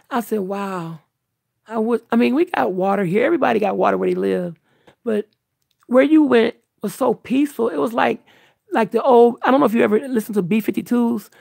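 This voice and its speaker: A woman's voice: a little high, normal speed, vocal fry, a little mellow, dry recording, studio quality. A woman hosting a livestream, chatting casually with viewers in a meandering way, full of restarts and fillers. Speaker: livestream host answering viewers. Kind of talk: casual rambling chat.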